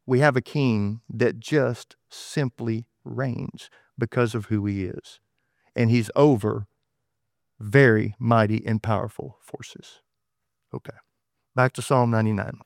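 A man's voice: mid-range voice, fairly even intonation, takes it slowly, gravelly, no room sound, clean studio sound. A man with a Texas accent preaching a conversational sermon, folksy and self-correcting as he goes. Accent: Texan. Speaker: pastor.

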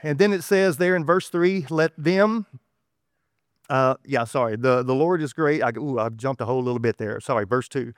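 Folksy Texan preacher, smooth voice. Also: male voice, medium pitch, normal speed, dry recording, clean studio sound. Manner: conversational, folksy, with self-corrections. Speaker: pastor. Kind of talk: sermon.

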